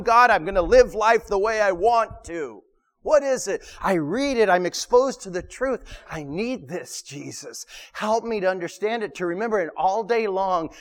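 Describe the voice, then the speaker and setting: A man preaching in a church, his voice pitched high for a man and carrying a long reverb from the hall. He stresses his points, repeats himself and asks the listeners questions as he teaches. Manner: emphatic, repeats words, asks the congregation questions. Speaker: pastor. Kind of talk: sermon. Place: church sanctuary.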